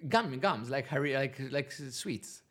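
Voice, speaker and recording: A man's voice: mid-range voice, lively intonation, unhurried. A man talking as a podcast guest, rambling and laughing often, restarting his sentences as he recalls family Christmas habits. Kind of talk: casual chat.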